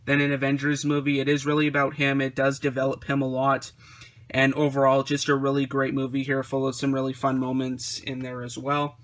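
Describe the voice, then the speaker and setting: A man's voice: medium pitch, pushed and bright. A young man talking casually in a vlog, rambling about his collection with many fillers and restarts. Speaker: vlogger reviewing his disc collection.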